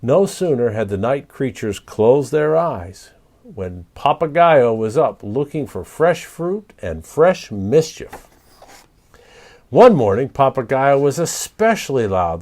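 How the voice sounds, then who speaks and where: A man reading a picture book aloud to children, speaking gently and pausing to ask the young listeners questions. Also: mid-range voice, sing-song. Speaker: storyteller.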